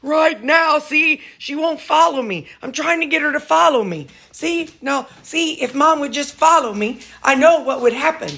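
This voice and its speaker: A woman's voice: high voice, moderate pace, vocal fry, hardly any pauses, fairly bright tone, voice pushed up. A woman voicing her impatient male pet dog, who urgently pleads for her to leave the house. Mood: frantic.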